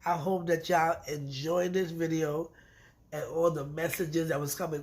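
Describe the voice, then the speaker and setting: A woman giving a casual recap of a reality TV episode, talking in an animated, emphatic way and repeating words for effect. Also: deep voice, a little slow. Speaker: reality TV reviewer.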